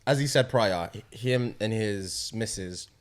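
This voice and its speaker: A man's voice: lowish voice, measured pace. A man co-hosting a podcast in casual chat, easygoing and agreeable, swearing casually. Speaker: podcast co-host.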